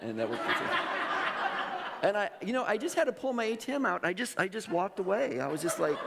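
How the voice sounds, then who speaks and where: Man, pastor, sermon, lively swooping pitch, gravelly voice, long church reverb. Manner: animated storytelling with laughs and acted quotes. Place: church sanctuary.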